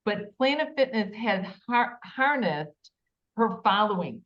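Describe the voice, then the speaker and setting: A woman hosting a casual panel discussion over a video call. She talks with enthusiasm and chats freely. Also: medium pitch. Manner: enthusiastic, chatty, spells words out. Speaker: talk show host. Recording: slightly muffled lo-fi audio.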